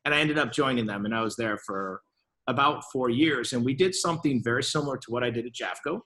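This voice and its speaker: A man in his fifties, a venture capitalist guest in an interview, who tells his career story in a lively, conversational way and acts out the dialogue he quotes, often restarting his sentences. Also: mid-range voice, fast talker.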